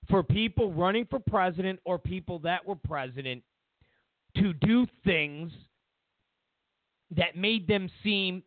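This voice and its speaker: Animated ranting man, tinny phone-like sound. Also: a little slow, long pauses, no echo. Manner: ranting, mocking, acts out quotes in high voices. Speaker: political talk show host. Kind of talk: opinionated political commentary. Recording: tinny narrowband audio.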